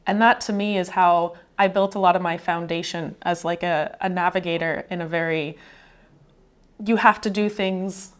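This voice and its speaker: A woman's voice: lowish voice, steady tone, moderate pace. A woman who works as a navigation officer, answering an interview question in a thoughtful, informal way with restarts.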